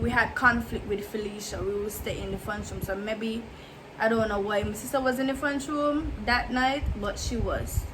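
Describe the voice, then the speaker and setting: A woman's voice: a little high, noisy background. A woman vlogger in casual storytime mode, chatty and emphatic, repeating herself and making asides to her viewers.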